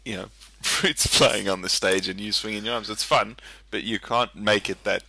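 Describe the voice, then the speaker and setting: A man's voice: fairly low pitch, steady tone, moderate pace, vocal fry, pushed and bright, poor audio. A man co-hosting a casual gaming podcast, playful and laughing easily. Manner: laughing, playful, talks over others. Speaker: podcast co-host. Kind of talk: casual chat.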